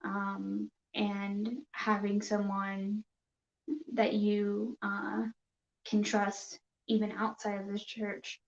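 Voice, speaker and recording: A woman's voice: medium pitch, completely flat delivery, very slow. A woman hosting a casual live stream, talking nervously and hesitantly with many fillers and restarts. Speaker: yarn crafting streamer. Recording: dull, roomy home recording.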